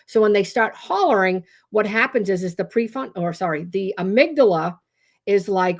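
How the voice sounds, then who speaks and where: A woman's voice: mid-range voice, normal speed. A woman hosting a casual livestream as a trauma-informed educator, talking in a chatty way with many fillers and often acting out quotes in different voices. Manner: animated, acts out quotes in voices.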